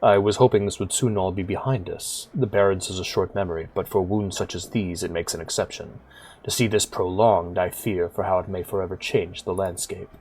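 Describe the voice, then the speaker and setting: A man voicing a big, weary bar owner who talks low, quietly and somberly. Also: steady tone, fairly quick, a little hiss or hum, lightly acted. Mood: grave.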